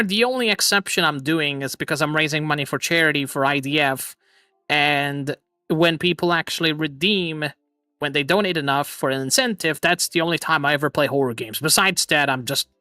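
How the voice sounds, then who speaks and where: A man hosting a casual livestream chat from a home setup on a boom mic, excitable, swearing and laughing often, with an imitation British accent. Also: moderate pace, no room sound, studio quality. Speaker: streamer host. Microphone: boom arm microphone.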